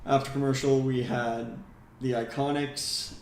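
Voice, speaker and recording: A laid-back man co-hosting a podcast, with a mid-pitched voice, steering the chat from one segment to the next. His voice carries a clear echo from the room. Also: little pitch movement, measured pace, a little hiss or hum. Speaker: podcast co-host. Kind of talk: casual wrestling recap chat. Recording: echoey room.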